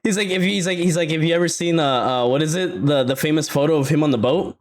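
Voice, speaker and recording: Brief: young male co-host, lively storyteller, slightly high voice. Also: quick pace. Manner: animated storytelling, loud laughs, quotes others in raised voice. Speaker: podcast co-host. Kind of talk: casual chat.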